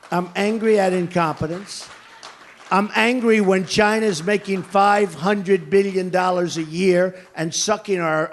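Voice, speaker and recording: Blunt, emphatic older man at a rally. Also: high-pitched. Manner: conversational, rambling asides. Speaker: political candidate. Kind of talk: campaign rally speech answering questions.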